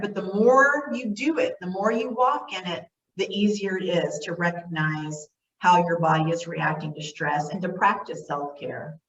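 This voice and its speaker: A woman's voice: mid-range voice, a bit bright, a little hiss or hum. A middle-aged woman presenting a self-care workshop in a folksy, encouraging way, speaking straight to her listeners. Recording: echoey, distant, dull sound.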